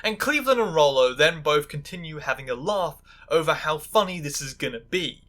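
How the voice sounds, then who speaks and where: A woman's voice: sits low, animated, brisk, fairly bright tone. A woman giving sarcastic video essay commentary, full of stammering restarts and angry asides.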